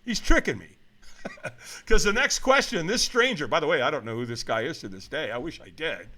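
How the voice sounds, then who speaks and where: A middle-aged man telling a story as a podcast guest, acting out the voices of the people in it and shouting for emphasis. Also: fairly high pitch, very animated, normal speed. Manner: dramatic retelling, acts out quoted voices, shouts for emphasis. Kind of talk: animated storytelling.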